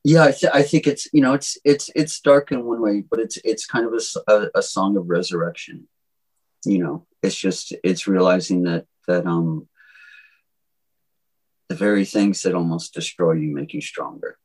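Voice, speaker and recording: A man with a soft Southern US accent, a songwriter talking about his songs in a reflective, halting way with many restarts. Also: low-pitched, steady tone, slightly rough, low-quality recording. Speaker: songwriter guest. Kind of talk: reflective interview talk.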